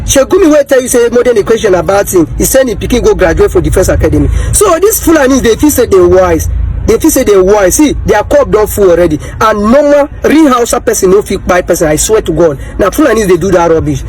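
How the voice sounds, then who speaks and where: A man's voice: high-pitched, animated, fast, a little mellow, faint music behind, poor audio. A man with a Nigerian Pidgin accent talking boastfully to camera, with a sing-song lilt. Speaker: commentator.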